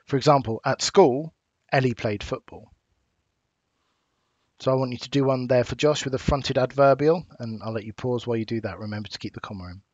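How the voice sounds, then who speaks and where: English guy teaching a recorded lesson, mid pitch, patient, kinda muffled dry audio. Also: fairly quick, darkish tone, no echo. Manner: clear, patient explaining with fillers. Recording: dull dry home recording.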